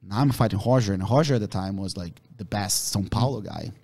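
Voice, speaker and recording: A man, a podcast guest, telling animated stories with free swearing. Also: on the low side, quick pace. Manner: animated, swears freely, relives the moment. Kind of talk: casual storytelling.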